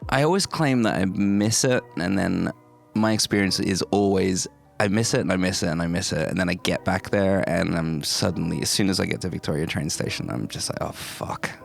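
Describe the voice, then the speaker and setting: A man's voice: low-pitched, a little fast, gravelly, soft background music. A man from Newcastle in northern England, chatting casually and reading scripted parts, laughing often and poking fun at himself. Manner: laughs often, self-mocking. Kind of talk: casual chat and scripted narration.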